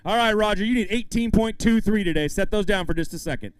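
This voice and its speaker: Upbeat high-voiced man emceeing a weigh-in. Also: fast talker, clear, resonant tone, dry recording. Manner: upbeat, hypes up the crowd and anglers. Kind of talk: live event emceeing. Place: outdoor tournament weigh-in stage.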